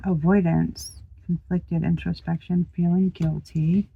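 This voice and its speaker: A woman's voice: mid-range voice, fairly even intonation, unhurried, pauses often, a little mellow, muffled recording. Chatty, exclamatory woman reading tarot. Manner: chatty, exclamatory, swears freely; thinks aloud, trailing off and restarting. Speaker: tarot reader. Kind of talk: casual tarot reading to viewers.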